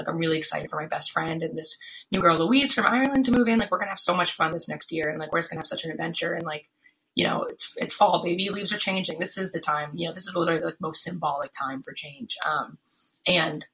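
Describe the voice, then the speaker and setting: Low, gravelly woman rambling tiredly. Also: pushed and bright, rough recording. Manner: rambling, filler-heavy, frequent restarts; tired, yawning. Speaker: podcast host. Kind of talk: casual solo podcast chat. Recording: faint background noise, pen clicks.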